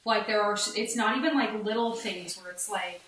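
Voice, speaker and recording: Bright young woman host, roomy off-mic sound. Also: mid-range voice, far from the mic. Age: young adult. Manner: chatty, laughs often, quick topic shifts. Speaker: podcast host. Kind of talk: casual interview chat. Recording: echoey room, voice off-mic.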